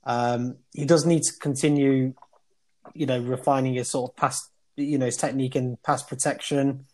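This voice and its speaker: A man's voice: mid-range voice, steady tone, moderate pace, darkish tone. A British man co-hosting a podcast, talking through a football prospect in a rambling way with lots of fillers. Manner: rambling, many fillers and restarts. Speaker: podcast co-host. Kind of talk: casual football analysis.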